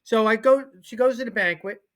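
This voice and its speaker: A man in his forties co-hosting a sports talk show, telling rambling, self-deprecating stories in an excitable, casual way. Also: very high voice, a little fast. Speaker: co-host and football coach.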